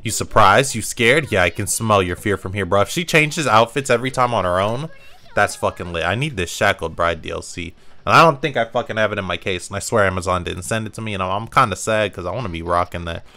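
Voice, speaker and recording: A young man doing let's play commentary, profane, joking and excitable. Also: on the low side, quick pace. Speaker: gamer.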